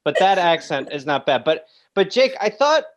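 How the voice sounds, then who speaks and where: A man's voice: high voice, big pitch swings, normal speed. A man hosting a comedy podcast, teasing his mother and guest in casual chat. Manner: teasing, playful. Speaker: podcast host.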